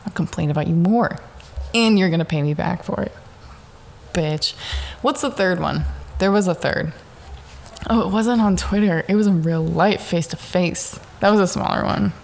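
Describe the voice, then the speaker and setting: A young adult woman hosting a casual solo podcast from her home in Southern California. She tells stories in a profane, animated way and laughs often. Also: fairly low pitch, moderate pace, vocal fry. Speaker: podcast host.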